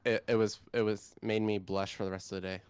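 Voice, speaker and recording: Animated young man telling long stories. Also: fairly low pitch, quick pace, smooth, dry recording, clean studio sound. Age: about 20. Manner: animated rambling storyteller. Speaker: co-host. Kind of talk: casual podcast chat.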